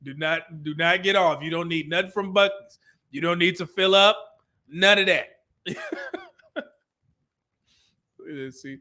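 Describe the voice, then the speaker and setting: High, bright-voiced man chatting on a livestream. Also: moderate pace. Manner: chatty, laughs often, reacts to comments. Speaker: livestream host reading chat. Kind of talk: casual live-stream chat.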